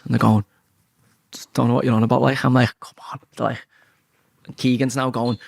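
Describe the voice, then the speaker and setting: A man's voice: medium pitch, steady tone, a little fast, vocal fry, husky, no echo, clean studio sound. A man with a Liverpool Scouse accent, a guest in a casual interview, telling stories bluntly and swearing freely. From Liverpool, England.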